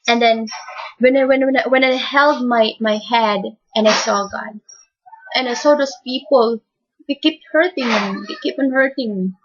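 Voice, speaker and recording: A woman giving an emotional faith testimony in a soft, tearful voice, halting and repeating her words. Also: fairly high pitch. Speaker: speaker giving a personal testimony. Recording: dull lo-fi recording.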